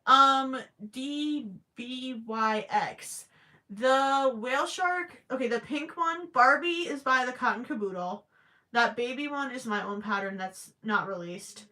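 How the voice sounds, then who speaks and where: Young woman crocheting on a livestream, slow rambly chat, bright voice. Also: fairly high pitch. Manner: chatty, rambling, reads viewer comments aloud while crocheting.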